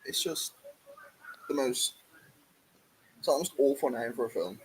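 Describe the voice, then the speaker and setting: A man's voice: medium pitch, expressive, a little slow. Grumbling man, noisy recording. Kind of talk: casual movie chat.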